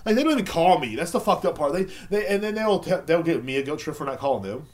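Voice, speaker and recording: Man, solo podcast host, profane and sarcastic, voice swings high and low. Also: animated, fast, few pauses. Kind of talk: casual solo podcast rant.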